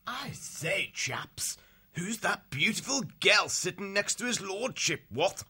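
A man's voice: high voice, very animated, takes it slowly, pushed and bright, breathy edge, pitched above the performer's own voice, exaggerated voice. A man voicing a cheeky young male hare soldier, bantering. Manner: plummy, bantering.

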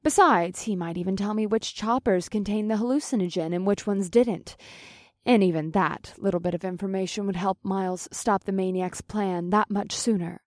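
A woman's voice: medium pitch, moderate pace, no room sound, studio quality. A woman reading an audiobook in the first person. She is plain-spoken and swears casually. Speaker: audiobook narrator.

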